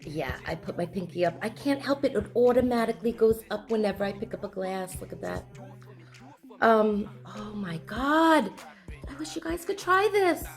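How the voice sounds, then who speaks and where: A woman chats straight to her camera in a gushing, exclamatory vlog style. Her pitch swings widely as she raves, and faint music plays softly behind her. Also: expressive, moderate pace. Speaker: vlog host. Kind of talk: casual chat to camera.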